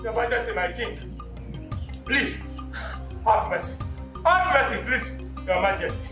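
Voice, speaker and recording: A desperate accused man with a very high voice, begging for mercy. It sounds echoey, with music playing behind. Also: animated, measured pace. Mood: pleading. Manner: pleading, desperate. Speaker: accused captive. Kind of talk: film drama acting.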